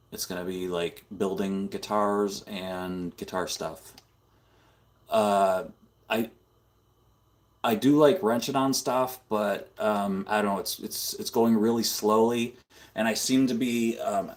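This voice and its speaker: A man hosting a casual livestream from a home room, rambling and filling his talk with "dude" and "like," close on a boom-mounted microphone. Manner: rambling, filler-heavy, says "dude" and "like" a lot. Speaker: livestream host. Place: home room full of computer monitors.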